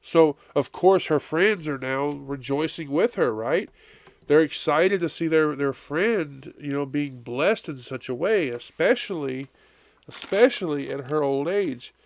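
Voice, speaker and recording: Male pastor, congested and coughing, gravelly and unhurried, dry close sound. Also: on the high side, dry recording. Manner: conversational preaching with frequent "right?" asides. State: congested, coughing and blowing nose. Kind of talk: sermon.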